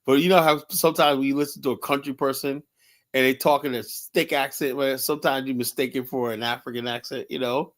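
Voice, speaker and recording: An American man talks in a loose, rambling way, cursing and drifting into asides. His voice sits at an ordinary middle pitch. It's casual, opinionated chat. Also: fairly even intonation, fairly quick, a bit bright. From United States. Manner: loose rambling talk, swears, trailing asides.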